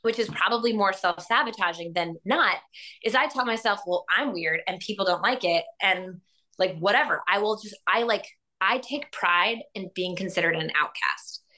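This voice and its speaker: A woman hosting a podcast, talking in a rambling, animated way with many fillers and frequent laughs. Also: mid-range voice, normal speed. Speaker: podcast host. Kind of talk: casual chat.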